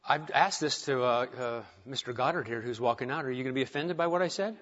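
A man preaching a sermon to his congregation, conversational and self-deprecating, moving from quiet asides to emphatic points. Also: mid-range voice, quick pace, highs cut off, some chatter behind. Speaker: pastor. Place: church sanctuary.

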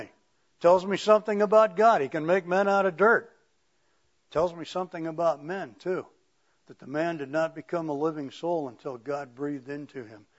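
A man delivers a sermon in a church, his voice sitting a little high for a man. He reads scripture slowly, leaning on each phrase, then slips into plain, chatty asides to the pews. The recording sounds dull and muffled. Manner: conversational preaching, reads scripture slowly and emphatically. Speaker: pastor.

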